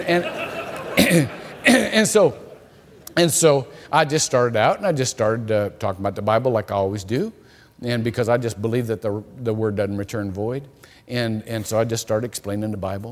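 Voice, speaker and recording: A male pastor preaching a sermon, telling stories in an animated way with frequent repeated words. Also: mid-range voice, normal speed. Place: church hall. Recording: long reverb of a church hall.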